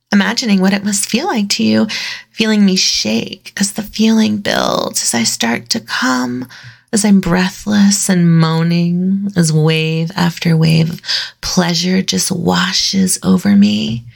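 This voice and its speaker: Woman, intimate role-play, teasing dominant partner; slow, husky delivery with half-whispered lines. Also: medium pitch. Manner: teasing and dominant, soft giggles between phrases. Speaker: audio role-play performer.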